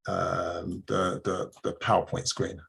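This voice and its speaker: A man's voice: deep voice, little pitch movement, slow pace, gravelly, fairly bright tone. A man hosting a community news livestream, chatting casually and telling stories with plenty of fillers and restarts. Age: adult, married.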